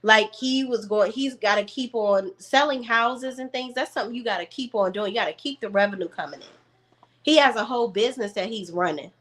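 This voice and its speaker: A woman, chatting casually and sassily to camera at home as she recaps a reality show. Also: mid-range voice. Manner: chatty, sassy, animated asides to viewers. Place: room at home.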